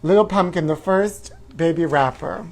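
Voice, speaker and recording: A man's voice: on the high side, normal speed, darkish tone, lightly acted. A man playing a self-absorbed woman hosting a trashy tabloid talk show, drawling honey at everyone and breaking into whooping shrieks. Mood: campy gossip. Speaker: host. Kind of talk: campy comedic live-stream character.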